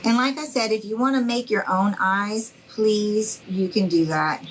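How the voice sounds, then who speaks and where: A middle-aged woman leads a live craft tutorial at an unhurried pace. She chats warmly with her viewers, greets them by name and keeps reassuring them. A faint hiss sits under her voice. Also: mid-range voice, low-quality recording. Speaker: craft instructor.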